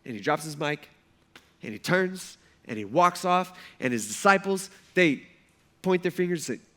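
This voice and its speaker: A middle-aged male pastor preaching a sermon, telling stories with lively acted-out quotes. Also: a little high, normal speed. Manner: animated storytelling, acting out quotes.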